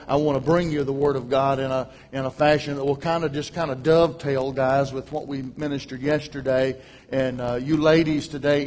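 Folksy male preacher in an echoing church. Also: a little high. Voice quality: loud, carrying voice. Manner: folksy, joking asides to the congregation. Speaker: guest preacher. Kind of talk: sermon. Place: large church. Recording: long hall reverb.

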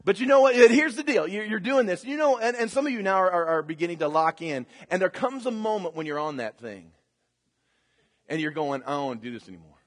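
A pastor in his fifties preaching a sermon, moving from easy conversational talk to loud, repeated exhortations. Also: high-pitched, lively intonation, a little fast, big-room sound. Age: 50s. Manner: builds from conversational to shouted preaching.

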